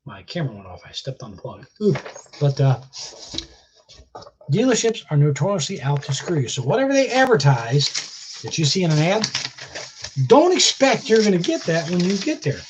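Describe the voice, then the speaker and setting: A man's voice: high voice, big pitch swings, moderate pace, pauses often, noisy background. A man with a chest cold, bluntly scolding viewers in a casual live stream rant and swearing freely. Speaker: vlogger.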